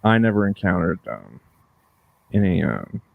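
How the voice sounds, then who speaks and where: A man co-hosting a podcast, answering in a dry, hesitant, deadpan way. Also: low-pitched, measured pace, creaky, dry recording, phone-quality sound. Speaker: podcast co-host. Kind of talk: casual chat.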